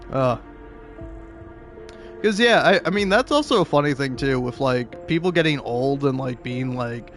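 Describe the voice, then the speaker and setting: A man's voice: medium pitch, expressive, takes it slowly, pauses often, faint music behind. A man in his twenties, a gaming streamer who chats casually, rambling and stammering and laughing often. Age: 20s. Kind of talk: casual chat while playing.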